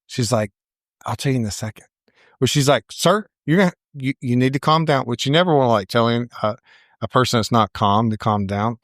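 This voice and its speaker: A middle-aged man in a relaxed podcast chat tells a story with plenty of animation, slipping into quoted voices as he goes. His voice sits at an ordinary middle pitch. The recording is close and dry, with no room sound. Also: fairly quick, no room sound. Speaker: salon owner, podcast co-host.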